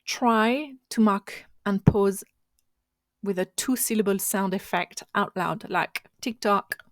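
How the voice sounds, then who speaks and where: A woman with mid-range pitch talks a listener through speaking exercises from home, in a dry, close recording with almost no room sound. English is not her first language. She explains things in a patient, chatty way and sometimes stops to restart a phrase. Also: slow pace, no room sound. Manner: instructive, conversational, with frequent restarts. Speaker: podcast host and marketing coach. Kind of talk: solo coaching podcast talk.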